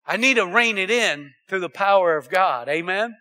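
Man, pastor, high voice, bright and forceful, animated sermon with call-outs. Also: normal speed.

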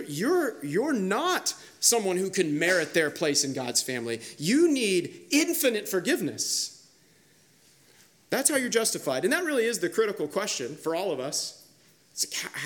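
A male pastor preaching a sermon, emphatic and animated, acting out the quoted voices he reads from. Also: sits high.

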